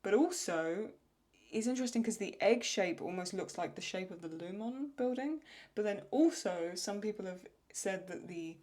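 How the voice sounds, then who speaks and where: A woman's voice: medium pitch, a little mellow. A woman hosting a casual question-and-answer chat, thinking aloud with restarts and laughing as she retells funny lines. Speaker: channel host answering viewer questions.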